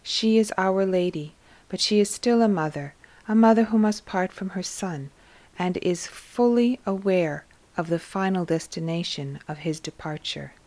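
Soft-spoken woman narrating reverently. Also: lowish voice, unhurried. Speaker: reader of devotional text. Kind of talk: scripted narration.

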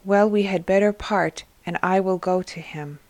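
A woman's voice: medium pitch, fairly even intonation, moderate pace, darkish tone, dry recording, lightly acted. A woman voicing an eager male shepherd disciple in a read-aloud story, speaking urgently and emphatically. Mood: plain. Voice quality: read aloud in narrator's own voice.

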